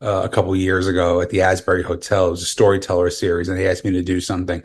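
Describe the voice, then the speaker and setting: A man, a stand-up comedian, telling a story haltingly in casual podcast chat. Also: low voice, completely flat delivery. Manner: halting, self-deprecating storyteller.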